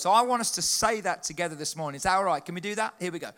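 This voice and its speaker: A man leading a lively church talk, calling out to the congregation and getting them to answer back. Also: high voice, rapid-fire, few pauses. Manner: upbeat, leads the congregation in call-and-response. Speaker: children's worker leading a church service.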